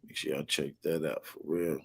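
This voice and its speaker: A man's voice: rumbling low, fairly even intonation, moderate pace, fairly bright tone. Slangy man hosting a casual livestream. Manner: slangy, reads out and greets chat viewers; plugs merch with repeated calls to shop. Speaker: livestream host.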